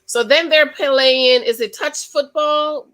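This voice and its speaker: A woman hosting her own channel, chatting through a reality TV recap with gossipy asides and quick exclamations. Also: sits high, steady tone, a bit bright. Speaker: channel host. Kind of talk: casual reality TV recap commentary.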